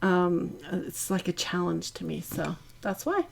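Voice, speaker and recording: A woman hosting a live coloring stream from her art studio, chatty and giggly with drawn-out asides. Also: on the low side, lively intonation, gravelly. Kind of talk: casual live-stream chat while coloring.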